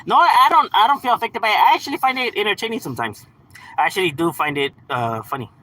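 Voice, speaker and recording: A man hosts a livestream, reading chat messages aloud and answering in a relaxed, slangy, profane way with lots of laughter. His voice sits high and sounds expressive and sharp, and he talks fast. The recording is rough, with the feel of casual live chat.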